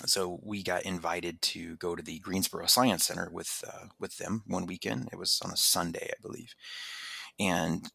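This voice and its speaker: A man in casual conversation telling a personal story, lively and animated, jumping into higher voices when he quotes people, with lots of false starts. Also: moderate pace, gravelly, husky, no room sound. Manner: animated, acts out quotes in raised voice, many restarts. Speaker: podcast guest telling his story.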